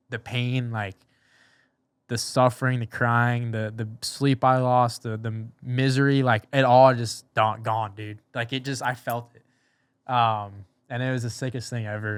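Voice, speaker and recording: Animated young man telling a story. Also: fairly low pitch, smooth, no room sound. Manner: animated, slangy, rambling with "dude" and "bro". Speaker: podcast guest, motocross racer. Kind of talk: casual storytelling.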